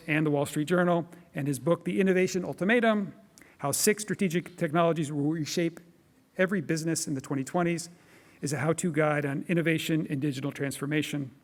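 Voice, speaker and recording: A man's voice: a little high, fairly even intonation. Man reading a speaker introduction in a hall. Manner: measured, reading from notes. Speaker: event host introducing the keynote. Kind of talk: read introduction. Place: large conference hall. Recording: hall reverb.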